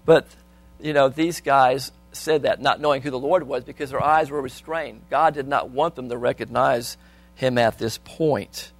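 A man preaching a sermon, reading scripture aloud and asking the congregation questions, swinging between soft and loud. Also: medium pitch, steady tone, a little fast, soft background music.

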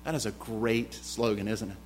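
A man preaching a sermon, slowing down for emphasis and moving between hushed passages and loud, emphatic climaxes. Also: lowish voice, fairly even intonation, a little hiss or hum. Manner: slows down for emphasis, with restarts.

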